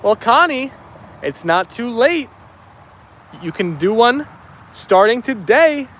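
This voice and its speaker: A man with a high, light voice chats casually on a live stream outdoors. He reads viewer comments aloud and answers each one in an easy, friendly way. A faint hum of outdoor noise sits under his voice. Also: sing-song, slow, fairly bright tone.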